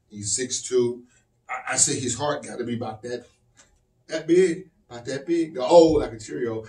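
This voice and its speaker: A man doing stand-up comedy, loud and profane, often shouting. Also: on the high side. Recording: echoey room from distant mic.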